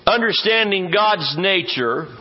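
A slightly high-voiced male pastor preaches in a folksy, joking way, drawing out words to stress them. The recording sounds dull and muffled. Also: lively intonation, measured pace. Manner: folksy, joking asides, stretches words for emphasis. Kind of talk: sermon.

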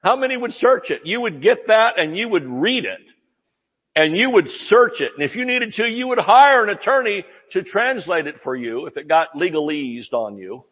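A man preaching a sermon in a church, excitable and exclamatory, asking the congregation rhetorical questions. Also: high-pitched, normal speed, husky. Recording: muffled sound in a reverberant hall.

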